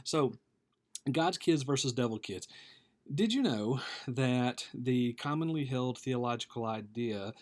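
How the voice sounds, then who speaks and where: A man teaching a video Bible lesson, enthusiastic and conversational, sometimes acting out excited reactions. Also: a little slow. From United States. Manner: enthusiastic, acts out bits with a high excited voice. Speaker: Christian teacher and author.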